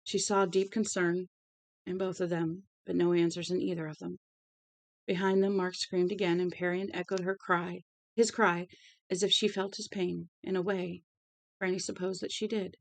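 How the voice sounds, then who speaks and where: Lady reading a novel out loud, kinda low voice, super dry. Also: little pitch movement, moderate pace, gravelly, dry recording. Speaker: audiobook reader. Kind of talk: storybook narration.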